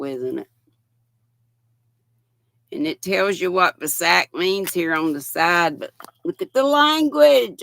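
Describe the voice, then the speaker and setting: A woman's voice: fairly low pitch, vocal fry, pushed and bright, no echo. An older woman hosting a casual livestream, chatting as she shows yarns and reads viewer comments aloud with affectionate greetings. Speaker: livestream host. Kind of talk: casual chat while showing yarn.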